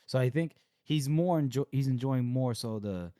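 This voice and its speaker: A man co-hosting a casual book-discussion podcast, talking in an animated way with laughing asides. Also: mid-range voice, normal speed, smooth, dry recording, studio quality. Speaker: podcast co-host.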